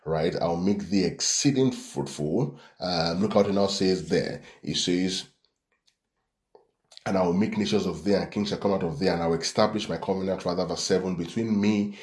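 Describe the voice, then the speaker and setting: Deep-voiced man preaching in an echoey room. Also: steady tone, moderate pace, a little mellow. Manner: repetitive, checks in with "right?"; reads scripture aloud. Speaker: preacher teaching a church class. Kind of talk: Bible-study sermon.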